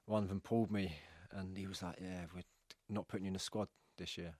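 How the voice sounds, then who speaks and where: A man telling stories in a casual podcast interview, animated and swearing, acting out what others said. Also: low voice, a little fast, dry recording. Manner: animated storyteller, acts out quoted dialogue, swears. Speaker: guest, retired footballer.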